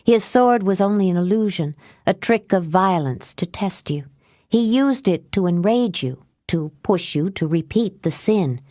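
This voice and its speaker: A woman voicing a wise, calm witch who speaks quietly and measured. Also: medium pitch, no room sound, studio quality, lightly acted.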